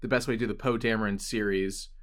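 A man's voice: fairly low pitch, steady tone, quick pace. Man asking long rambling questions. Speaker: interviewer. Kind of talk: casual interview.

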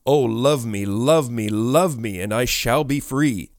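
A man's voice: medium pitch, slow, no echo, studio quality. A man reading the part of a male ghost who begs a woman for love in a beseeching, imploring voice. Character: pleading male ghost, young, yearning.

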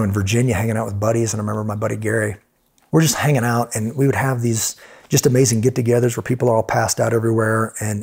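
Middle-aged male guest, ex-SEAL storyteller; gravelly, breathy tone, lively delivery with many restarts. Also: mid-range voice. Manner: animated storyteller, frequent restarts. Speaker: guest, former Navy SEAL. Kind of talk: casual storytelling interview.

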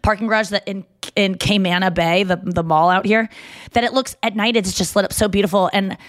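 A woman's voice: mid-range voice, fairly even intonation, fairly quick, dry recording, studio quality. A woman in her thirties co-hosting a podcast in casual chat. She is chatty and self-mocking and often laughs. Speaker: podcast co-host. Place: staying in a tropical island town.

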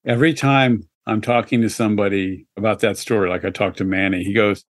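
A man hosting a documentary podcast, asking measured questions and narrating. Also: fairly low pitch, steady tone, dry recording, studio quality. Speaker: podcast host.

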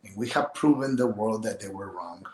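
Man, middle-aged, halting repeated words, soft near-whispers, roomy echo. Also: on the low side. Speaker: interview guest. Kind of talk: emotional interview talk.

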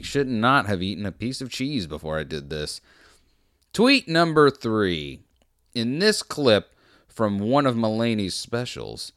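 Sardonic male commentary host, lowish smooth voice, close dry mic, mocking and rambling. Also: no echo. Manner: sarcastic, rambling, swings between loud and muttered. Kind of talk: reading and mocking tweets.

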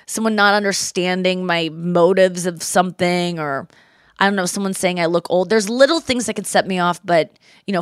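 A woman in her thirties hosting a podcast, telling stories in a casual, animated way and quoting people in her own voice. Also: fairly low pitch, no room sound, studio quality. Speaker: podcast host. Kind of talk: casual chat.

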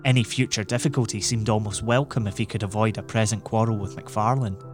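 A man narrating an audiobook in a measured, even storytelling manner. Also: on the low side, music in the background.

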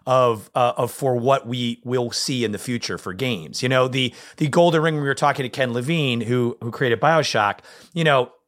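A man co-hosting a casual gaming chat show, excitable and rambling, his voice leaping up when he gets animated. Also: medium pitch, moderate pace. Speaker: podcast co-host.

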